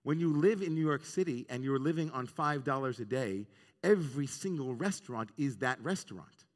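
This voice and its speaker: A man's voice: medium pitch, animated, moderate pace. A man, a rabbi, giving an earnest, reflective sermon on the weekly Torah portion and weaving in Hebrew terms. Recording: long reverb of a large hall.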